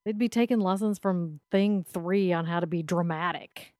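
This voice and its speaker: A woman co-hosting a casual podcast, reading out news stories in a measured, mildly wry way. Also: lowish voice, darkish tone, dry recording, clean studio sound.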